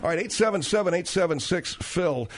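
A man hosting a talk radio call-in show, brisk and keeping the call on track. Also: high voice, lively intonation. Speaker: radio host.

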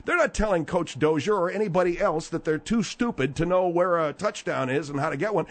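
A man's voice: fairly high pitch, fairly quick. Incredulous male radio host. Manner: incredulous, pushing back. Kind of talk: comedy radio banter.

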